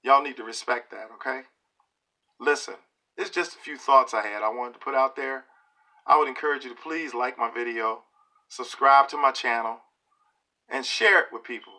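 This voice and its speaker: A middle-aged man talks straight to camera in a vlog, sounding preachy and emphatic and checking in with his listeners. His voice is bright and forceful at an ordinary male pitch. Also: normal speed. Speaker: video blogger. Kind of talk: opinion monologue to camera.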